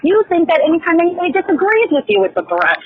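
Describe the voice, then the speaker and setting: A woman arguing defensively on a phone call, halting and repeating herself. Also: very high-pitched, big pitch swings. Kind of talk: heated phone argument. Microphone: phone line. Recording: tinny phone line.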